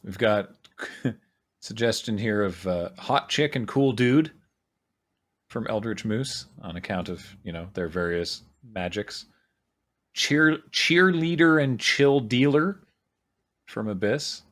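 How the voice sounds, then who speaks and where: A man co-hosting a casual group chat, reading out listener suggestions with frequent laughter and quick asides. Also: on the low side. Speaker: podcast co-host.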